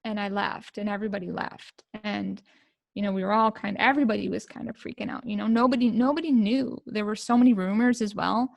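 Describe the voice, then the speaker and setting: Woman, middle-aged, from the United States, gravelly, flat pitch, emotional halting storytelling. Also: no echo. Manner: emotional, halting, many fillers and restarts. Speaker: podcast guest. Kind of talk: personal storytelling.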